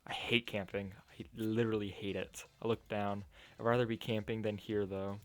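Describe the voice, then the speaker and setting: Brief: male game streamer, casual sarcastic reactions, lower voice. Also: flat delivery, moderate pace. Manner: casual, sarcastic, swears freely. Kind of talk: reading a game aloud with reactions.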